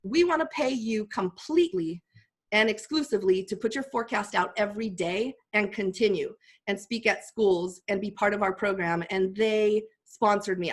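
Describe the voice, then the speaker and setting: A middle-aged woman, a guest speaker, telling a heartfelt personal story in an animated way. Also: medium pitch.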